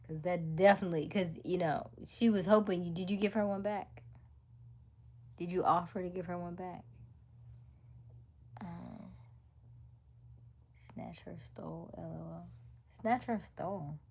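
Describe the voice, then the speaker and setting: A woman chats with her livestream viewers, answering their comments aloud. Her voice sits a little low and sounds husky. She laughs a lot and sometimes sinks to a near-whisper. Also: steady tone, a little slow, long pauses, darkish tone. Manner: chatty, laughs often, drops to near-whispers. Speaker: livestream host. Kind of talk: casual chat reading live comments.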